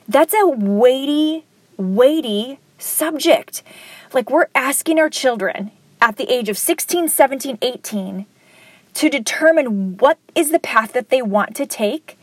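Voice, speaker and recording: A woman's voice: high-pitched, dry recording. A woman in her forties, a parent, hosting a casual solo podcast, talking in a chatty, rambling way and correcting herself as she goes.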